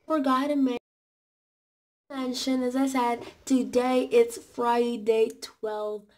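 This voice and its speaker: A teenage girl vlogging on her phone, gushing and halting, repeating herself with excitement. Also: fairly high pitch. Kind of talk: casual excited vlog.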